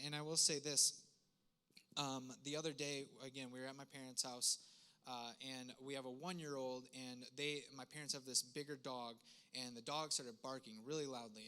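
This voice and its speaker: A man's voice: mid-range voice, bright, forceful tone, clean tone. A man in his thirties preaching a sermon in a conversational, earnest way, with frequent asides and restarts. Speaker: pastor. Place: church sanctuary.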